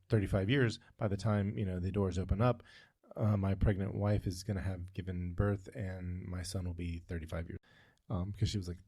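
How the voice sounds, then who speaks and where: A man's voice: on the low side, warm tone, breathy edge, no room sound, studio quality. A man co-hosting a casual podcast, telling a long story with frequent tangents and fillers. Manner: rambling, goes off on tangents, many fillers. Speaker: podcast co-host.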